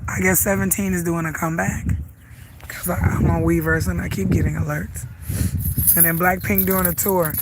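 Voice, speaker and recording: A middle-aged woman with a Southern US accent, congested and hoarse from the flu, chatting and rambling as she walks and livestreams in a park. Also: lowish voice, steady tone, moderate pace, very noisy. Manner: chatty, rambling, laughs often. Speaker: vlogger. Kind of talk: casual livestream chat while walking. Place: outdoors at a lake park.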